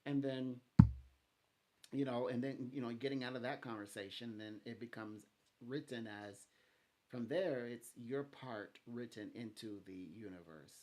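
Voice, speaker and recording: A man giving a phone psychic reading, talking gently and haltingly with many restarts and fillers. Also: medium pitch, a little hiss or hum. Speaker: psychic reader.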